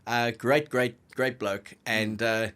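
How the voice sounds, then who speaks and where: A man co-hosting a rugby podcast, bantering in an animated, jokey way and laughing often. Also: mid-range voice, slow. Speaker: rugby pundit co-host.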